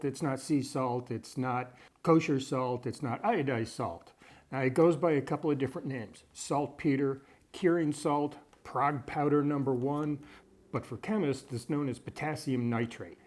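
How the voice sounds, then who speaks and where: A man's voice: mid-range voice, measured pace, a little mellow. Wry man hosting a cooking show. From Chicago area, USA. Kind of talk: cooking video narration.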